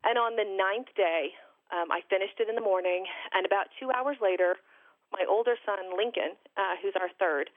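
A mother calling in as a guest, telling a long story in a lively, chatty way over the phone. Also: mid-range voice, no room sound. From Dallas area, Texas. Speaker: guest, mother of a daughter with a rare illness. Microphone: telephone. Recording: tinny phone line.

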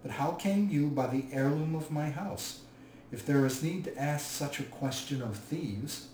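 A man voicing a proud, wrathful dwarf king who shouts in anger, in an audiobook reading. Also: a little high, unhurried, natural voice. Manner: loud, raging shouts. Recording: roomy, distant mic, faint hiss.

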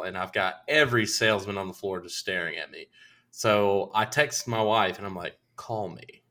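A young adult man casually telling a profane story, acting out both sides of the conversation with lively quoted voices. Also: fairly low pitch, a little fast.

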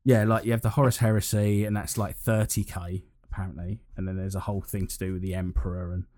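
A man's voice: low-pitched, flat delivery, fast, a little mellow, no room sound, studio quality. Rambling man chatting about games. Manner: rambling, lots of fillers and restarts, enthusiastic. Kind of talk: casual gaming chat.

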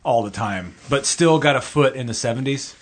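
A man's voice: mid-range voice, expressive, normal speed. A man co-hosting a casual movie podcast, profane and joking as he riffs. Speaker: podcast co-host. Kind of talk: casual movie-review chat.

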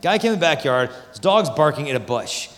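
A man giving a youth conference talk, animated and acting out voices of the people in his stories. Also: on the high side, fairly quick. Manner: animated, acts out quoted voices. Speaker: Catholic speaker. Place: large conference hall. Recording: hall reverb from a large venue.

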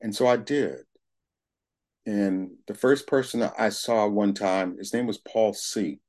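A man's voice: lowish voice, a little slow, darkish tone. A middle-aged man giving a candid, plain-spoken personal testimony at a recovery meeting, with casual swearing. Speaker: speaker sharing his recovery story.

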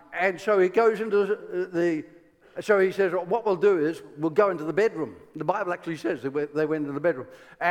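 A man with an Irish accent preaching a sermon, telling stories with lively energy, stumbling restarts and laughing asides. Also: sits high. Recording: long hall reverb.

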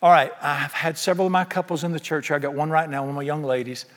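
A man preaching in a folksy storytelling way, acting out both sides of every conversation. His voice sits a little high for a man. The sound rings with the long reverb of a large hall. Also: fairly even intonation, quick pace. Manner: folksy storytelling, acts out quoted dialogue. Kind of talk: sermon.

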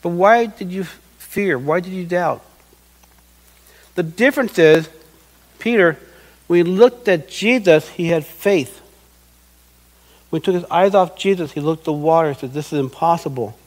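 A man's voice: high-pitched, moderate pace, long pauses, low-quality recording. A middle-aged man preaching a sermon as pastor, earnest and acting out quoted voices.

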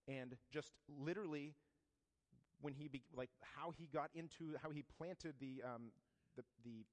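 A man telling a saint's life story in a casual, joking talk, often checking in with "right?" asides. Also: on the high side. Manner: conversational, frequent "right?" asides and joking comparisons. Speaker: speaker teaching about a saint. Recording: long reverb of a hall.

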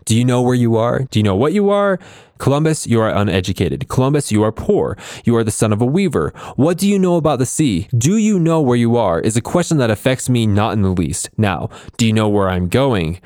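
A man's voice: medium pitch, very animated, a little fast, a little mellow, lightly acted. A bold sea explorer full of defiant conviction speaks with grand passion, as a man puts him on. The sound is dry and close, with no room echo.

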